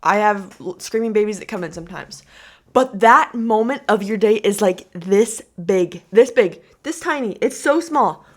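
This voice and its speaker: A woman's voice: mid-range voice, animated, moderate pace. A young woman in her twenties talks through viral clips with mocking disbelief and easy giggles. Her voice sits in a comfortable middle range, casual and chatty. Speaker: commentary vlogger. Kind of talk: reaction commentary.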